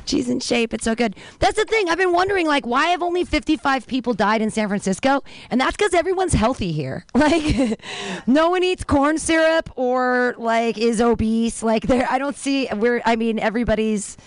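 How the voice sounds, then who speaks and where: A woman's voice: high-pitched, lively intonation, moderate pace, dry recording. Bubbly woman emceeing a comedy show. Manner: bubbly, cheering between bits.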